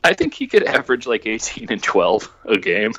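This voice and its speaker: A man's voice: medium pitch, wildly swooping pitch, moderate pace, a bit bright, dry recording, muffled recording. A man chatting casually on a sports podcast, laughing often and restarting his sentences. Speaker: podcast guest.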